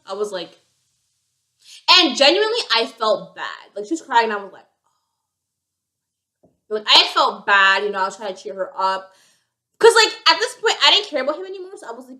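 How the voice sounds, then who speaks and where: A young woman telling a storytime vlog, animated and acting out the other voices. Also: on the high side, normal speed, pauses often. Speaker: vlogger.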